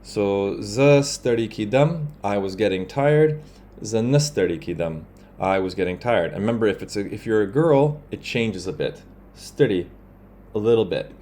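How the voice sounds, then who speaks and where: A man with a slightly low voice walks through a grammar lesson over slides. He explains casually, with fillers and quick self-corrections. He stops to say example phrases in another language. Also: lively intonation, mellow. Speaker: language teacher.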